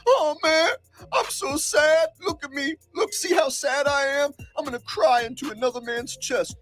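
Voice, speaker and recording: A man doing a weepy high-voiced young ball player, milking it way too much. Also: normal speed, fairly bright tone, faint music behind. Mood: mocking whine. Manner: whiny, exaggerated mock crying. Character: sobbing young male football player, fake.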